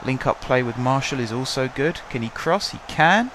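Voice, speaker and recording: A young man, hoarse from shouting, talks through his football management game in a chatty, wry play-by-play. His pitch sits in an ordinary middle range. A faint noise hums under the desk-mic recording. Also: lively intonation, normal speed. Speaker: gaming channel host. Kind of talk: casual let's-play commentary.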